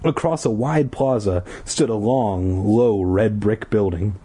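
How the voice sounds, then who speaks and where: A man's voice: on the low side, slow, warm tone, slightly rough. A man from Southern California casually reading a children's horror book aloud, with dry joking asides. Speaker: story reader.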